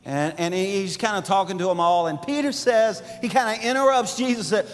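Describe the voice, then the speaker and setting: An animated pastor preaching a sermon, his voice pitched high for a man. He tells stories with lively energy and slips into the voices of the people he quotes. The sound rings with a long hall reverb, with soft music playing underneath. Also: a little fast, few pauses.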